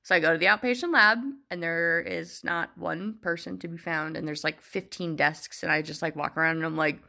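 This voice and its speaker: A woman's voice: on the low side, fairly even intonation, a little fast, vocal fry, bright, forceful tone. A young woman telling a rambling, exasperated story in a casual vlog, with sarcastic asides. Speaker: vlogger.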